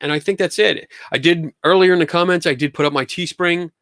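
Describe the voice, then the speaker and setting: A man's voice: fairly high pitch, brisk, fairly bright tone, no echo. Upbeat man chatting on a livestream, dry sound. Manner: upbeat and enthusiastic, chatty with frequent restarts. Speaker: host of a live Q&A stream. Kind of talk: casual livestream chat.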